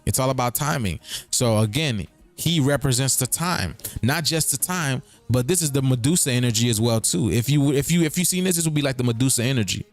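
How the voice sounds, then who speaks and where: Repetitive man hosting a livestream. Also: medium pitch. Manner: repetitive, keeps checking in with listeners; breaks words apart and riffs on them. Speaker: streaming show host. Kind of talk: casual livestream commentary.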